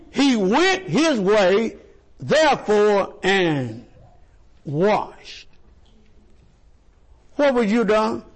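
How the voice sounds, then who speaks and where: A man preaching a sermon, animated and repetitive, asking the congregation questions and stumbling over words. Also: high-pitched, husky. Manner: animated call-and-response preaching, repeats and stumbles.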